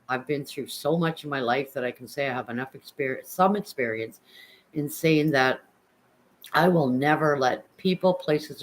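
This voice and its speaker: A woman's voice: low voice, slight background noise, rough recording. A woman hosting a livestream, giving earnest advice and repeating key words for emphasis. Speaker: livestream host. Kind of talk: heartfelt advice chat.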